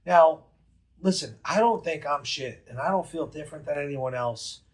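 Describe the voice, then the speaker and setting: A man, telling a story as a podcast guest in a profane, emphatic, rapid way. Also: a little high. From New England. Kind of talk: casual storytelling.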